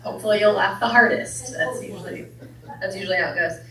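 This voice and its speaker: A woman minister gives a playful, joke-filled sermon in a church hall, often posing questions to the congregation. Her medium-pitched voice is quick, creaky and sharp, heard from a distance in the echoey hall.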